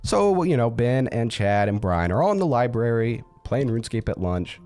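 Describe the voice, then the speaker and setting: A man's voice: mid-range voice, big pitch swings, moderate pace, darkish tone, soft background music. A man casually telling a story, chatty with fillers.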